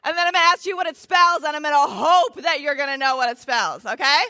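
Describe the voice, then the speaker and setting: A woman from Michigan with an American accent gives an energetic preaching talk to a crowd and often shouts out to the audience. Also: high voice, fast, no echo, clean studio sound. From Michigan, USA. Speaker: youth event speaker.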